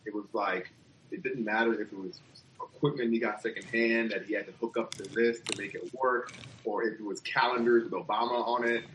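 Low-voiced man in an echoey room. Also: fairly even intonation, brisk, a bit bright, a little hiss or hum. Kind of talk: casual chat.

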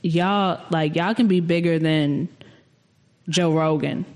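A woman co-hosting a podcast in casual chat, speaking in a slow, relaxed, drawn-out way. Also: on the low side. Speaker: podcast co-host.

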